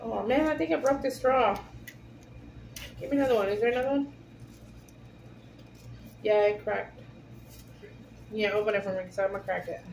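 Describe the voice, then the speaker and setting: A woman's voice: mid-range voice, moderate pace, creaky, pauses often, a little mellow. A woman hosting a casual food-tasting vlog, chatty and giggly, talking straight to her viewers. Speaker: vlog host. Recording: echoey room with faint hiss.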